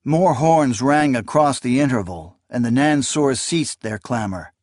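Male audiobook narrator, mid-pitched, steady and measured, dry close recording. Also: dry recording. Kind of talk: scripted fantasy narration.

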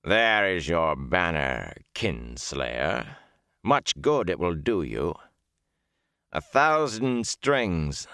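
A man voicing a menacing, scornful male dark lord in a slow, commanding storybook reading. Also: sits low, smooth, no room sound, studio quality, full character voice.

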